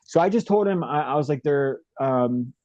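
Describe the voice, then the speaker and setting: A man's voice: mid-range voice, lively intonation, normal speed, darkish tone, dry recording, muffled recording. A young man as an interview guest, telling a story in a rambling, casual way with many fillers and restarts.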